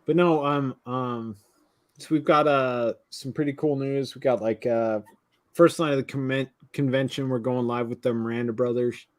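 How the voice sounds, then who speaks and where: A man's voice: medium pitch, fairly even intonation, normal speed. A man guesting on a casual livestream chat, a little drunk and hiccuping, talking in a loose, profane, hyped way.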